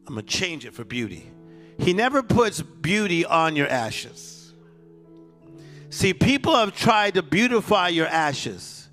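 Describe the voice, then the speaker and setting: Soft piano music accompanies this man's sermon, which moves from loud urging to hushed, low-key stories. He speaks in a sing-song way at a measured pace.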